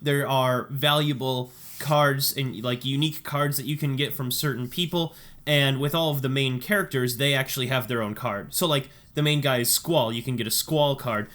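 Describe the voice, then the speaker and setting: A man co-hosting a podcast in casual chat, telling a story with excitement and frequent laughter. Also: medium pitch, normal speed, few pauses. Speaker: podcast co-host.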